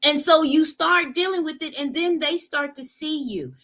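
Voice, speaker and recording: Earnest high-voiced woman giving a pep talk. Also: moderate pace, fairly bright tone, poor audio. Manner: earnest, repetitive, asks "right?" often. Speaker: motivational speaker. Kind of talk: motivational talk.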